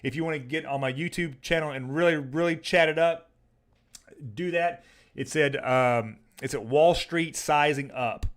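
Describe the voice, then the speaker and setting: A man hosting a live stock trading stream speaks in a slightly high voice at a moderate pace, chatting loosely and repeating words as his voice starts to give out. He closes with an upbeat sign-off.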